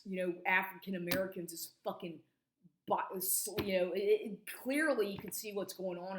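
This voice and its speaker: A woman's voice: fairly low pitch, a bit bright. A woman in her forties giving an agitated monologue to camera, swearing constantly and stumbling over restarts. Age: 40s. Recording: echoey room recording.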